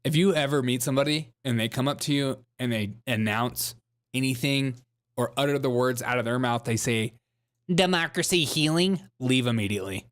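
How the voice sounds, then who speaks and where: A man's voice: medium pitch, a little fast. A man hosting a show, mocking political clips with sarcastic, laughing commentary. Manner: sarcastic, laughing, jumps between voices. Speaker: show host.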